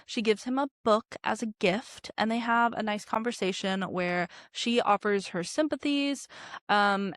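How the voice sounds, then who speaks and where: A woman's voice: medium pitch, fairly bright tone, no room sound, clean studio sound. A woman casually recapping a show in a sarcastic, opinionated way. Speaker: recap video host.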